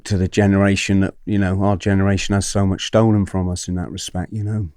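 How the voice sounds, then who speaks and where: A man's voice: low-pitched, level tone, fast talker, darkish tone, no room sound, studio quality. A man guest on a podcast, telling his story candidly and animatedly, with swearing and frequent checks with the host.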